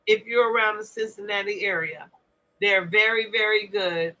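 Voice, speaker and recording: A woman hosting a podcast, chatting loudly with lots of laughter and profanity. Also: medium pitch, normal speed, poor audio. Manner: loud, laughing, profane banter. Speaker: podcast host. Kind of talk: casual chat.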